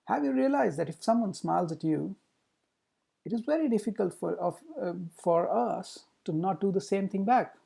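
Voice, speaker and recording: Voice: lively intonation, moderate pace, vocal fry, husky. A communication trainer giving a recorded training talk, explaining with rhetorical questions. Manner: demonstrates pitch, pace and loudness with the voice.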